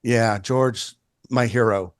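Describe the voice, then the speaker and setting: A man in his sixties, a photographer telling stories in a casual interview, animated and chatty, often restarting his sentences and swearing freely. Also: mid-range voice, takes it slowly, no echo, clean studio sound. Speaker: photographer guest.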